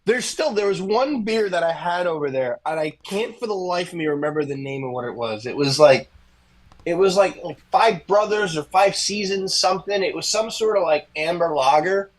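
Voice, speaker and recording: Young adult male co-host, higher-pitched, loose rambling delivery with frequent fillers. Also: expressive, moderate pace, low-quality recording. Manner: rambling, lots of fillers and restarts. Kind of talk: casual sports talk show chat.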